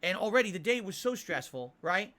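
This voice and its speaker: In a played clip, a male streamer tells a rambling personal story with real earnestness. His high voice is sing-song, bright and pushed, and he talks fairly quickly.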